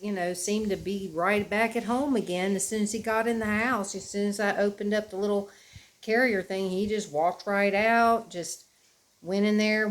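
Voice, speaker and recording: A woman, talking casually and emotionally to her viewers at home, rambling in a tender way. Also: mid-range voice. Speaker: vlogger. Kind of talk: casual chat to camera. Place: at home indoors.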